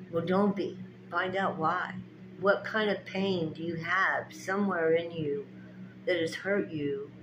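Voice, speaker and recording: A woman whose voice is on the low side speaks against a noisy background. She gives a spiritual pep talk with tarot readings, directly addressing viewers in a preachy, emphatic, folksy manner full of repetition.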